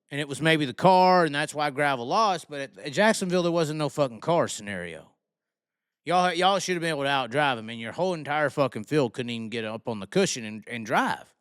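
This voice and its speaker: Heated Southern man ranting, smooth voice. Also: on the high side, fairly bright tone, no room sound, studio quality. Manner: heated, blunt, heavy swearing. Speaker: racing commentator. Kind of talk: profane opinion rant.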